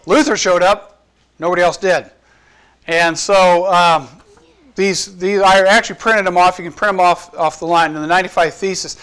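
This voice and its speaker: High-voiced man teaching church history. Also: steady tone, moderate pace, fairly bright tone, clear, resonant tone. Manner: conversational, explains quotes in plain words, asks the class questions. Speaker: Bible teacher.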